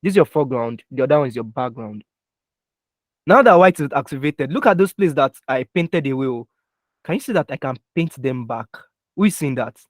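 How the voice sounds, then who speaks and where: A man's voice: mid-range voice, expressive, brisk, no room sound. Young guy w running an online design class, keeps asking "can you see that", dry close mic, keys clicking now and then. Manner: checks in with students often, steps through keyboard shortcuts. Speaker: design instructor. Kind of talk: live online software tutorial. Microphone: computer mic with keyboard taps heard.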